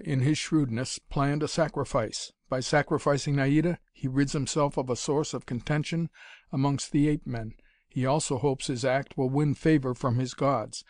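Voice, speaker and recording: A man's voice: mid-range voice, a little mellow, dry recording, clean studio sound, natural voice. A man reading the lines of a grim young male adventurer in an audiobook, explaining steadily.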